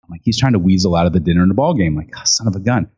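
A low-pitched man tells a story in an interview, animated and chatty. He acts out what other people said, with plenty of fillers and restarts. The recording sounds dull and lo-fi. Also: rapid-fire, breathy edge. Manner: animated storyteller acting out quotes with many fillers. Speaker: guest, speaker and author on gifting.

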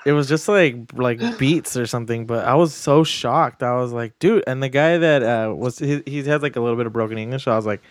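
A man's voice: mid-range voice, fairly quick, hardly any pauses. A man co-hosting a podcast, bantering loosely and casually with plenty of swearing. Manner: loose, profane, laid-back banter. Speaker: podcast co-host. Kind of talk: casual chat.

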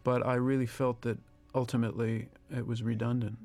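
A man, a film director, giving a reflective audio commentary, thinking aloud with pauses and restarts. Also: mid-range voice, little pitch movement, gravelly, a little mellow, soft background music.

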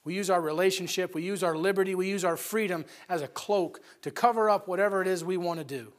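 A man preaching a sermon, emphatic and folksy, telling stories between scripture readings and building to loud peaks. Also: high voice, fast. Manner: folksy with storytelling asides.

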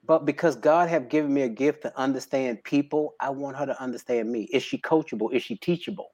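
A man's voice: medium pitch, quick pace, few pauses, highs cut off. A man in his late fifties, a bodybuilder and trainer guest on a podcast, telling heartfelt stories about faith and family in casual conversation. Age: 50s. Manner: animated storyteller, emotional about faith.

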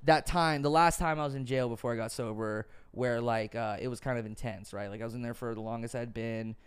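A young podcast host with a clear, resonant, medium-pitched voice talks briskly. He tells stories in a casual, rambling, profane way, animated throughout the chat.

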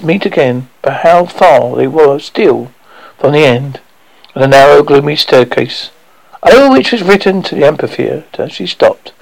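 Gravelly man reading a story aloud. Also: fairly high pitch, poor audio. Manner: halting, with slips and restarts. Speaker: narrator.

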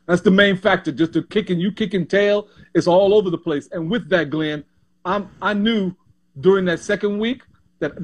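A former pro basketball player from Panama, a man in his sixties, appears as a guest in a relaxed interview and tells stories in a fairly high voice. He is animated, often repeating and restarting words as his memories pour out.

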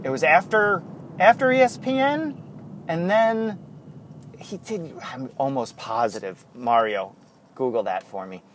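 A man's voice: on the high side, animated, measured pace, slight background noise. A man hosting a podcast in casual chat, rambling and going off on tangents. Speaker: podcast host.

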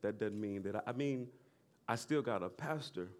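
A middle-aged male pastor preaching a sermon in a loose conversational way, with laughing asides and loud bursts of emphasis. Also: fairly low pitch, moderate pace.

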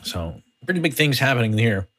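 A man's voice: mid-range voice, big pitch swings, fairly quick, a bit bright. A man teaching a conversational Bible study on a podcast, explaining animatedly and often restarting his sentences. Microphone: podcast microphone.

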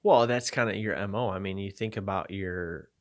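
Male co-host, lower voice, reflective and conversational, thinks out loud. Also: normal speed. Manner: reflective, thinks aloud with restarts. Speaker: podcast co-host. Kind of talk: casual chat.

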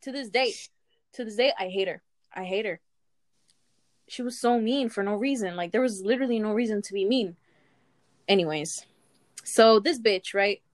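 A woman's voice: medium pitch, normal speed, pauses often, dry recording. A young woman telling funny school stories in a casual chat, swearing often and laughing between lines. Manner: laughing, profane, animated storytelling.

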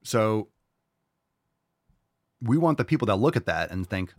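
Low-voiced guy ranting blunt and sweary, answering listener questions, dry close mic. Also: sing-song, measured pace, pauses often, dry recording. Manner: profane, emphatic, mocks people in whiny voices. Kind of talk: blunt motivational rant.

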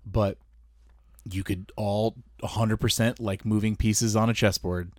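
A man's voice: lowish voice, steady tone, measured pace, a little mellow, dry recording. A man co-hosting a casual tabletop game podcast, chatting and laughing between points into a close microphone. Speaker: podcast co-host. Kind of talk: casual chat.

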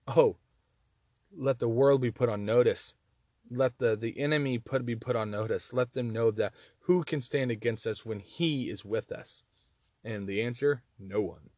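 Speaking with a Southern accent, a man gives an earnest and animated Bible teaching, reading verses aloud and often repeating words to drive a point home. His voice is mid-range, and the clean studio recording has no echo.

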